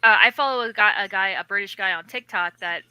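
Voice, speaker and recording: A woman with a Missouri accent co-hosting a casual livestream, telling animated stories and acting out quotes. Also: mid-range voice, quick pace, clear, resonant tone, dry recording, poor audio. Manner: animated storyteller, acts out quotes. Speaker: co-host.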